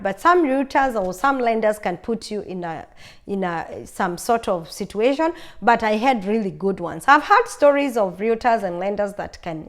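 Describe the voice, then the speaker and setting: A woman vlogger telling her own story in a casual, chatty way, often repeating herself and restarting sentences. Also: on the high side. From lives in Arizona.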